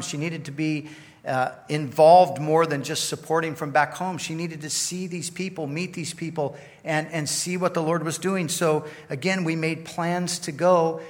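Male pastor, storytelling sermon, conversational and self-deprecating, slightly high-pitched.

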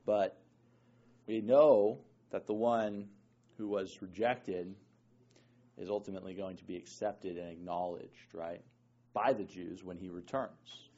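A man's voice: deep voice, fairly even intonation, unhurried, dark tone, highs cut off. A man preaching a conversational sermon to a congregation, often checking in with 'right?' as he explains scripture.

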